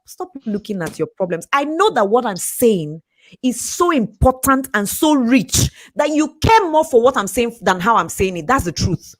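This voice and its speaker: A woman giving a fast, emphatic motivational talk, laughing often. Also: a little high. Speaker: speaker and coach.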